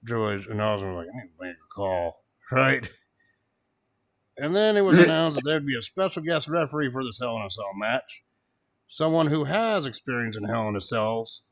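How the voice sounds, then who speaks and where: A man in casual chat reviewing an old wrestling event, animated, cursing freely and laughing as he mimics what people said. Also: medium pitch, a little fast. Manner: animated, swears, laughs often, mocks quotes. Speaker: podcast co-host.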